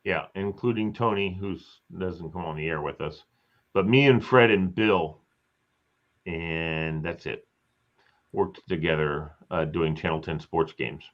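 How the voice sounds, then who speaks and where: A man's voice: low-pitched, unhurried. A man hosting a casual live chat, telling rambling stories and acting out quotes. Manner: rambling storyteller, chatty, acts out quotes. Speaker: host. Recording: slightly dull lo-fi sound.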